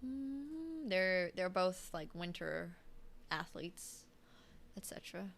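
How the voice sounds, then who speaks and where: A woman's voice: lowish voice, big pitch swings, slow pace, creaky, a bit bright. A woman in her twenties commentating chess on a live stream in a casual, chatty way, humming and laughing between remarks. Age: 20s.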